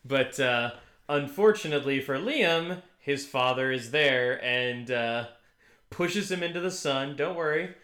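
A man's voice: mid-range voice, animated, measured pace, fairly bright tone, roomy sound. A man co-hosting a podcast in a casual chat, rambling and restarting his sentences, often breaking into laughter. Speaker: podcast co-host.

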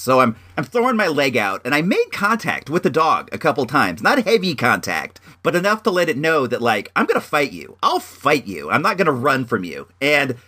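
A man's voice: on the high side, pushed and bright. A young man telling a story in a casual, rambling monologue, often restarting his sentences. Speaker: vlogger.

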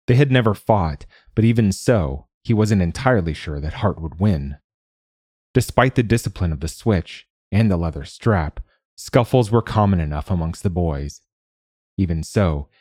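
A man reading a novel aloud in measured, steady scripted narration. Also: deep voice, husky, no echo, clean studio sound. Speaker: audiobook narrator.

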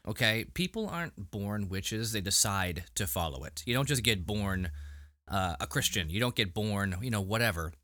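Bright-voiced man recapping a TV episode. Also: fairly low pitch, lively intonation, moderate pace, no room sound, clean studio sound. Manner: recaps scenes with frequent fillers and restarts. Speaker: podcast co-host. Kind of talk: casual episode review chat.

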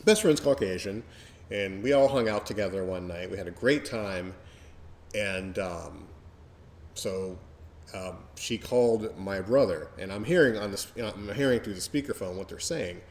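A mellow man in his forties telling stories in casual podcast chat, rambling along with many fillers. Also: lowish voice, normal speed. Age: 40s.

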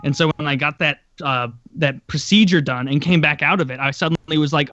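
A man with a slightly higher voice rambles through a story in casual conversation, piling up filler words and swearing now and then. The voice sounds dry and close, with a dull, lo-fi tone. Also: brisk, few pauses, sharp tone, dry recording. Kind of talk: casual chat.

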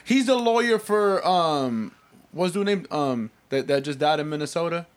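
A man's voice: on the high side, expressive, normal speed. A man co-hosting a casual podcast, speaking bluntly and profanely in an offhand way. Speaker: podcast co-host. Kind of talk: casual chat.

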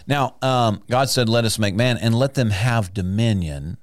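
A man's voice: lowish voice, a little slow, no echo. A man teaching the Bible on a podcast, sermon-style, emphatic, asking rhetorical questions and stretching out key words, recorded in a studio.

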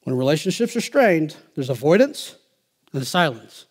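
A male pastor preaching a sermon, emphatic and swinging from quiet asides to loud, driving lines. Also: fairly high pitch, sing-song, normal speed.

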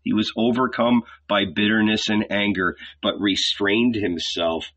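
Slow, husky male novel reader. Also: on the low side, steady tone, fairly bright tone. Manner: measured, deliberate delivery. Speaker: audiobook reader. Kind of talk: dramatic novel reading. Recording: dull lo-fi recording.

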